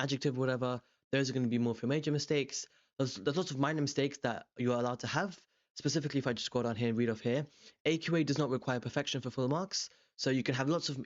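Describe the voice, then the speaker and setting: A young man tutoring, walking through an exam question in a relaxed, rambling way with many ums and self-corrections. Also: mid-range voice, no echo, highs cut off. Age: young adult. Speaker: language tutor. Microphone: desk microphone beside a webcam.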